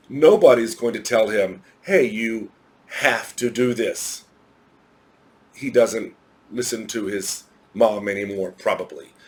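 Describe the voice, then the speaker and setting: Slow, patient man teaching. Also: medium pitch, a little mellow. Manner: slow, patient explaining with repeated examples. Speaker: English teacher. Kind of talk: recorded lesson for children.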